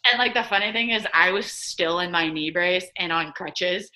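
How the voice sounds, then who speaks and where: A woman in her twenties, a guest, telling a story casually and in an animated way, acting out quotes. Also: moderate pace. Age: 20s. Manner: animated, acts out quotes in a higher voice. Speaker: guest, drafted athlete.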